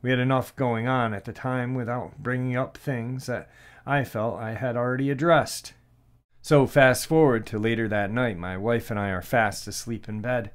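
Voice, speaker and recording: A man's voice: mid-range voice, steady tone, moderate pace. Man narrating a scary story. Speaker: narrator reading a listener's story. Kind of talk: scripted narration.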